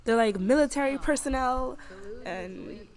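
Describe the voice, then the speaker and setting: A young woman casually commentating a life-simulation game, chatty and excitable. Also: high voice, a little slow. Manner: chatty, excitable, with frequent gasps and laughs. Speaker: gaming video creator. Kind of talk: casual let's-play commentary.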